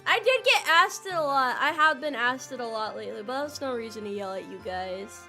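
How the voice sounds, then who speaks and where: A woman's voice: sits high, lively intonation, normal speed, few pauses, bright, forceful tone. A young adult woman streamer chatting casually with her viewers in a playful, jokey way, with melodramatic outbursts. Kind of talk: casual livestream chat. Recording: faint music behind.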